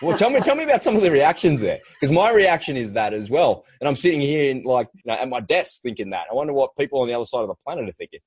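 A man's voice: medium pitch, sing-song, fast, few pauses, darkish tone, husky. A man hosting an interview, asking long, chatty, rambling questions and laughing along with his guest. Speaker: podcast host, interviewer. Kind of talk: conversational interview.

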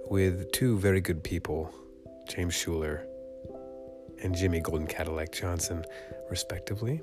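Podcast host, male, low voice, jokey and profane, roomy echo with music. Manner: joking, fast-talking, profane. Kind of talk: casual podcast chat. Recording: roomy echo, rough amateur audio.

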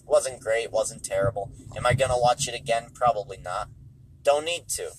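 A man's voice: medium pitch, normal speed, a little hiss or hum, poor audio. A tired, hungry man hosting a casual solo podcast, offhand and dismissive, repeating himself, recorded in a car. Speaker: podcast host.

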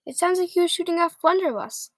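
A woman's voice: a little high, a little fast, dry recording, lightly acted. Woman voicing a kindly muddled giant. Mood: pained. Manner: jumbled grammar and made-up words. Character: big friendly male giant, kind and muddled.

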